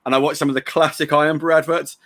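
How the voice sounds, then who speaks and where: A man's voice: a little high, little pitch movement, quick pace, a bit bright. A young man co-hosting a podcast, rambling and easygoing, often stumbling over his words. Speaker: podcast co-host. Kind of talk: casual podcast chat.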